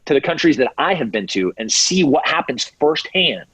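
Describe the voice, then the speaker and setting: A man's voice: fairly high pitch, normal speed, breathy edge, no echo, low-quality recording. A middle-aged American man speaking as an interview guest with passion, acting out other people's voices in mocking tones. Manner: animated, acts out quoted voices mockingly. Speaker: podcast guest. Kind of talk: impassioned interview talk.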